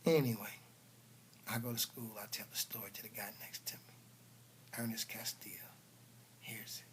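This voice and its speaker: A man telling a personal story, dropping to hushed whispers and then bursting out loud with punch sounds. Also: fairly high pitch, steady tone, fairly quick, breathy edge.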